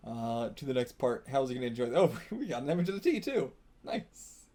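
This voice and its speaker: A man of middle pitch reacting live to a manga as he reads. He thinks out loud in a loose, casual way, chuckles a lot and drops the odd curse. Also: very animated, a little fast. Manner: casual, thinks aloud, laughs often, swears. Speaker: manga reaction channel host. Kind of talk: live reaction while reading manga aloud.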